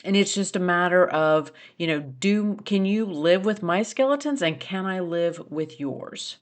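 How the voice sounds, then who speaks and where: A woman's voice: fairly low pitch, animated, a little slow. A middle-aged woman hosting a solo podcast, talking earnestly and challenging listeners with pointed questions. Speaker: podcast host. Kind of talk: reflective solo podcast talk.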